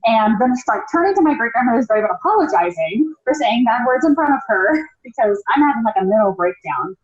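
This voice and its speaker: A woman's voice: fairly high pitch, very animated, fairly quick. Chatty woman guest with roomy, dull sound. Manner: candid, chatty, many fillers, acts out quotes. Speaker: podcast guest. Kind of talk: casual storytelling.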